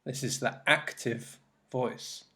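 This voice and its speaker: Male English teacher, mid-range voice, unhurried, methodical lesson narration. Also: mid-range voice, steady tone, bright, forceful tone. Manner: slow, deliberate explaining with repeated examples. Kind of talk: recorded grammar lesson.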